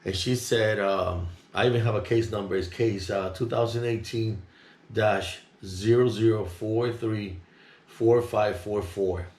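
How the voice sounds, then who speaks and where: Middle-aged man, low register, indignant loud talker, casual monologue, echoey room. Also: fairly even intonation, unhurried. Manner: rambling, indignant, talks loud. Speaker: vlogger. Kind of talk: casual monologue, recounting an incident. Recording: roomy echo.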